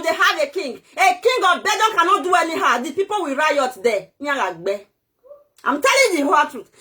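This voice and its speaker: Very high-pitched ranting Nigerian woman. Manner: loud, scolding, swings between shouting and low muttering. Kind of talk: ranting monologue to camera.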